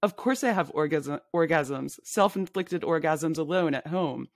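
A woman's voice: deep voice, a little slow, no room sound, studio quality. A woman reading her memoir aloud, voicing a brash, blunt woman friend who bosses people around at a bar. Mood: chatty. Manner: pushy, blunt, bossy.

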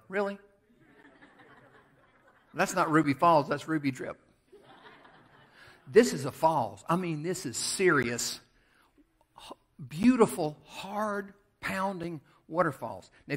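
A man with a Southern American accent, a pastor preaching a sermon in a church, moving from loud emphasis to quiet, conversational asides as he tells a story. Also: a little high. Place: church sanctuary.

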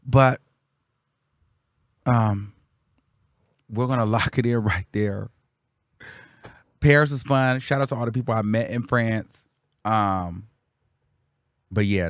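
A young man telling a story on his vlog, animated and loud when acting out what people said. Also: mid-range voice, no echo, studio quality. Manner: animated, acts out quotes loudly. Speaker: vlogger.

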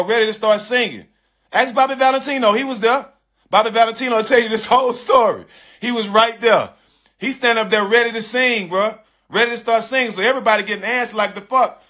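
Speaking in a high voice, a man shares a personal story with an online audience in a casual, slangy way. He stays animated and emphatic, repeats phrases, addresses people as "dog" and "bro," and comes across frank and confessional.

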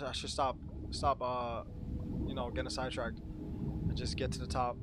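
A man playing a horror game and commenting to himself in a jumpy, excitable way, with game music behind him. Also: medium pitch, fairly quick, a little hiss or hum. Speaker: gaming channel host. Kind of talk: let's play commentary.

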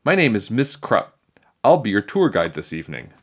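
A man voicing an odd, cheerful woman tour guide at a museum, excitable and dramatic in a storybook reading. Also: fairly low pitch, normal speed, husky, exaggerated voice. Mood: chirpy. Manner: excitable, dramatic, hushed at times.

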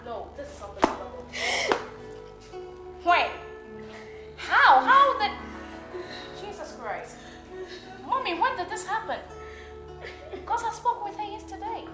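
A woman's voice: very high voice, very animated, measured pace, pauses often, exaggerated voice. An actress playing a shocked young Ghanaian woman who questions her mother. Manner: stunned, questioning. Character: shocked sister asking what happened. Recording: echoey room with loud music.

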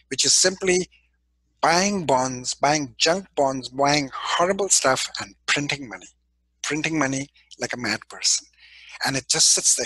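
A male business school professor from India lectures a class with emphasis and animation, acting out the people he quotes and clearing his throat because of allergies. His voice is medium-pitched, and the recording is dry and of poor quality.

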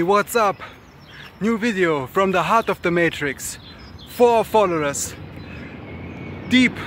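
Man, high voice, slow, halting, repeats phrases, faint outdoor noise. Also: fairly bright tone. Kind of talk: casual vlog talk.

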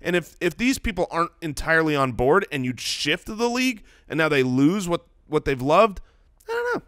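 A man co-hosting a sports podcast in casual chat, talking in an animated, emphatic way. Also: on the high side, moderate pace, clean tone, dry recording, studio quality. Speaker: podcast co-host.

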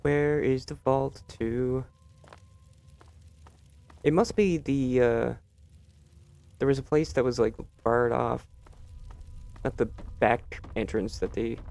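A man's voice: mid-range voice, gravelly, mellow, slight background noise. A man commentating his own gameplay, joking and sarcastic, talking back to game characters. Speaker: let's play host.

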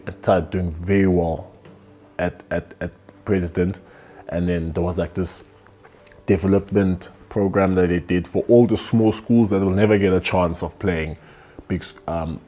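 A young South African man, a rugby player, telling candid stories in an interview in a relaxed, rambling way, acting out the dialogue. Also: low voice.

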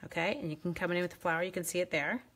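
Husky-voiced chatty woman demoing crafts. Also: fairly low pitch, steady tone, racing, a bit bright. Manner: chatty, playful, self-teasing. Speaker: craft demonstrator chatting with live viewers. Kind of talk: casual live craft demo.

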